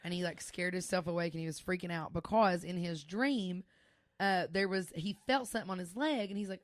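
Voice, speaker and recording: A woman's voice: lowish voice, a little fast, no echo, clean studio sound. Chatty young woman, laughing storyteller. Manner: animated storyteller, laughs often. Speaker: podcast co-host. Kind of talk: casual chat.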